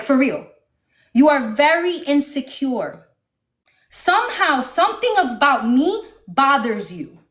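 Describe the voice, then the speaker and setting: A woman from the northeastern United States ranting on a phone livestream from her home, loud, profane and confrontational. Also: high-pitched. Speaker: livestream host. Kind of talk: heated livestream rant.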